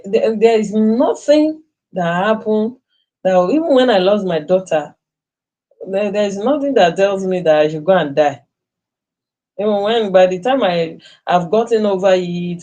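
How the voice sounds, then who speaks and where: A woman's voice: lowish voice, darkish tone. Earnest middle-aged Nigerian woman storyteller. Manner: earnest, emphatic, conversational. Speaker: nurse sharing her life story. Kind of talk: personal storytelling.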